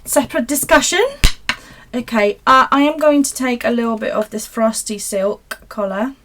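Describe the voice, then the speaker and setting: A woman's voice: a little high, a little hiss or hum. A young woman from Poland, hosting a live craft session and chatting to viewers in a rambling, self-mocking way as she paints at her desk. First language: Polish. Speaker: craft video host. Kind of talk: casual live craft chat.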